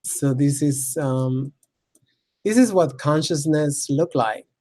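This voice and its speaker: A woman's voice: low voice, slow, mellow, dry recording. A woman hosting her own talk show, delivering a blunt, sardonic monologue, cursing freely and laughing often. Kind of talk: casual monologue.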